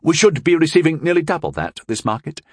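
A man's voice: on the high side, sing-song, fast, dry recording, clean studio sound, pitched above the performer's own voice. A man voicing a timid, fussy male household steward who speaks precisely and deferentially.

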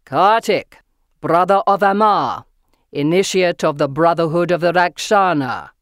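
Narrator playing the tribunal's voice: deep, powerful, commanding, for an audiobook. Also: unhurried, no echo, studio quality. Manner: loud formal pronouncements. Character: deep, powerful male voice leading a secret tribunal.

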